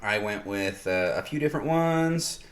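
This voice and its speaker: A man with a fairly low voice chats casually as a podcast co-host. He rambles along with fillers and pauses. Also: expressive. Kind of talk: casual chat.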